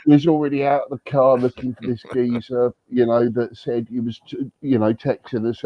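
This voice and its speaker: A man spins a rambling, animated anecdote on a livestream, cursing freely and tripping over his own restarts. The audio is dry with no room sound, and a little dull and lo-fi. His voice sits at an ordinary middle pitch. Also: a little fast, hardly any pauses, no echo. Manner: animated, swearing, frequent restarts. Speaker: livestream host. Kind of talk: casual storytelling chat. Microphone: livestream setup.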